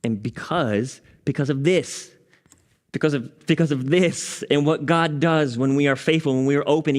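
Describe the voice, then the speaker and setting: A man pastor, teaching a Bible study and telling a personal story, dropping low and soft at solemn moments. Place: church.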